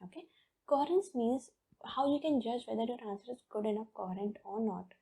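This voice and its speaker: A woman's voice: fairly high pitch, animated, fairly quick, vocal fry, mellow, husky, poor audio. A woman teaching an exam-preparation lesson over slides, explaining step by step and often saying "okay" and "like". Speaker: IELTS teacher.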